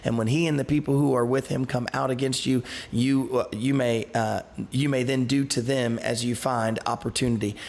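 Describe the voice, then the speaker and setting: A man's voice: medium pitch, fairly even intonation, normal speed, gravelly, hardly any pauses, a little mellow. A man who is a pastor leads a Bible study. He reads scripture aloud and then retells it in a loose, everyday way, with restarts and asides.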